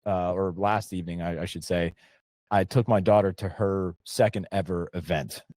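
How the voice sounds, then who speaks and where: A man's voice: low voice, steady tone, moderate pace, darkish tone, dry recording. A man hosting a podcast, chatting casually and rambling through a long story with lots of restarts. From Pennsylvania. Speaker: podcast host.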